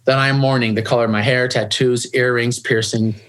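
Brisk and fairly bright, the medium-pitched voice of this middle-aged man keeps a fairly even intonation. As a guest in a conversational interview, the grief organization founder speaks earnestly while frequently starting over and repeating words.

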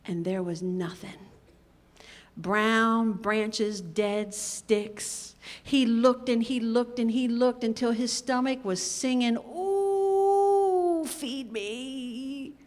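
Woman, children's storyteller, animated, fairly high voice, long reverb. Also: takes it slowly. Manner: animated, lively, rhythmic. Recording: live hall with long reverb. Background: audience of children.

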